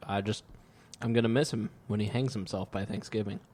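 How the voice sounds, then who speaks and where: A man joking and teasing in casual podcast banter in a studio, with deadpan quips. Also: on the low side, fairly quick, slight background noise. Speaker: guest co-host.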